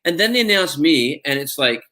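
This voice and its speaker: A middle-aged male actor with a Scottish accent, telling lively anecdotes in an interview and acting out the voices in his stories. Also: on the high side, brisk, background noise. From Scotland. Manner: animated storyteller, acts out voices in quotes. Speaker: actor guest.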